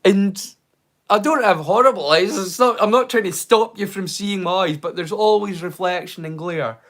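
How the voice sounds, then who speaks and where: A man's voice: sits high, normal speed, a bit bright. A man with a Scottish accent hosting a live watch-along stream, chatting casually and rambling playfully into silly rhymes and jokes. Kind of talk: casual livestream chat.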